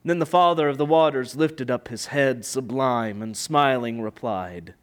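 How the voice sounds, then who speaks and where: A man preaching a sermon with passion, rising to loud emphatic peaks and falling to hushed, almost whispered lines. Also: medium pitch, measured pace, few pauses. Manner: impassioned preaching, swelling loud and dropping to near whisper. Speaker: pastor.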